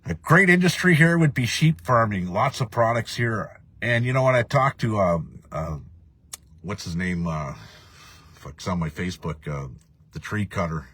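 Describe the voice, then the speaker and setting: A man with a very low, husky voice rants through a casual live chat, swearing freely and drifting between topics. His voice sits close and dry, with no room around it. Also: lively intonation, moderate pace, fairly bright tone, dry recording. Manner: profane, rambling, laughs often. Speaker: livestream host reading viewer comments.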